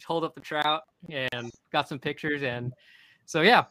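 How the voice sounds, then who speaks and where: A young man hosting a podcast, telling a fishing story in an excited, rambling way with many restarts. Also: medium pitch, moderate pace, rough recording. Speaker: podcast host. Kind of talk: casual storytelling chat.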